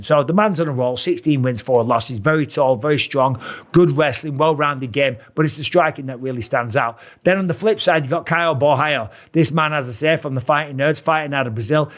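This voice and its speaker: A middle-aged man, a fight commentator, previewing upcoming bouts in a casual, blunt, animated way, swearing now and then. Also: fairly high pitch. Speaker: MMA commentator and show host.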